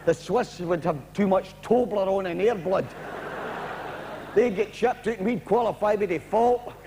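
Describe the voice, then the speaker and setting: A man's voice: high-pitched, a little slow, dark tone. Man doing a rambling Scottish football fan. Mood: chatty. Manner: rambling, blunt, chatty. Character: gormless working-class male football fan. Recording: reverberant, noisy 1990s TV recording.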